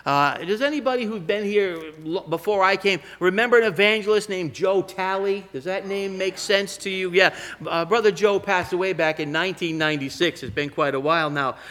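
Middle-aged male pastor, high bright voice, preaches with emphatic pauses. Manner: emphatic, slowing down on key phrases. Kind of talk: sermon with scripture reading.

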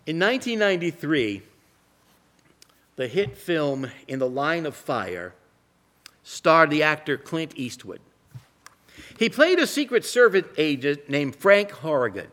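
A man preaching with an unusually high voice that swoops up and down. He talks slowly and dramatically, sinking to a near hush to stress a point. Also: very animated. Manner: slow, dramatic delivery, drops to a hush for emphasis. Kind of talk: sermon with illustrative stories.

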